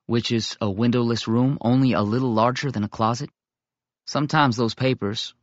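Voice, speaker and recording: A man narrating a first-person audiobook in a steady, measured storytelling voice. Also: medium pitch, no room sound, dull audio.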